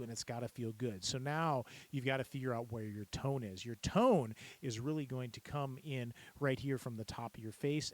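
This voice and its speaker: A man who coaches auctioneers, explaining the auction chant in an upbeat, repetitive way and breaking into quick chant demonstrations. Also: medium pitch. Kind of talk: instructional talk to camera.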